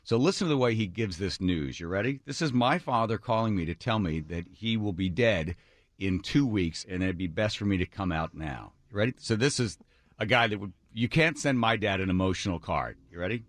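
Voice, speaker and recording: A low-voiced man on talk radio tells a family story with lively, swinging pitch, acting out the voices of others. The studio sound is dry and close. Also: a little fast, no room sound. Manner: animated, acts out quotes of others. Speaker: radio talk show host.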